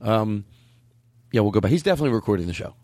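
A man hosting a comedy podcast, talking in excitable, exasperated banter with some swearing. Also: lowish voice, rapid-fire, no room sound. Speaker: podcast host.

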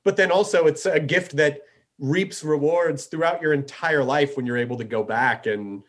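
A male podcast host talks in a casual, rambling way, padding his thoughts with filler words. His voice sits somewhat higher than most men's. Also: normal speed. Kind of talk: casual chat.

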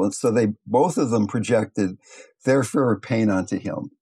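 An older man, a meditation teacher, giving a gentle, thoughtful talk and telling stories along the way. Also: on the low side, moderate pace, slightly rough. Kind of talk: reflective talk with storytelling.

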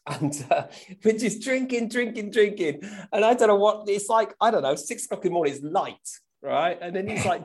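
A man's voice: high voice, expressive, brisk, hardly any pauses. A man, a guest musician, telling stories casually and animatedly, often tagging "right?" and laughing as he goes. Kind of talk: casual storytelling.

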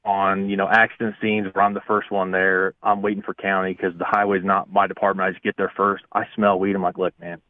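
A man in his thirties, a police officer, chatting casually and quickly on a radio show. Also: low-pitched, completely flat delivery, no echo. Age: 30s. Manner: fast, easygoing, full of restarts. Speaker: police officer, call-in guest. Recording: tinny phone line.

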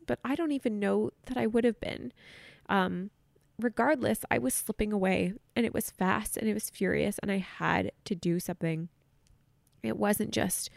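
A woman in her thirties tells her own story on a podcast, her voice full of vocal fry and a gravelly edge. She speaks candidly and sounds choked up, close to tears. The recording is dry and close, with no room sound. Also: medium pitch, a little mellow, dry recording. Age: 30s. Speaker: podcast host. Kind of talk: personal storytelling.

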